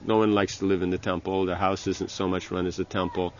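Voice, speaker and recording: A man giving an informal religious lecture as a spiritual teacher, talking in a halting way with many restarts and "you know". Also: low voice, flat delivery, lo-fi sound, slight background noise.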